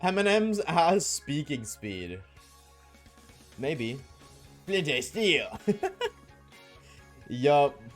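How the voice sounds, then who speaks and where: A man's voice: fairly high pitch, wildly swooping pitch, very slow, pauses often, soft background music. A man streaming live, chatting casually and joking with his viewers, often laughing.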